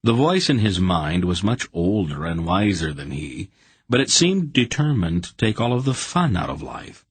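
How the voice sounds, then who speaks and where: A man narrating an audiobook in a measured storytelling manner. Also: sits low, big pitch swings, husky, dry recording.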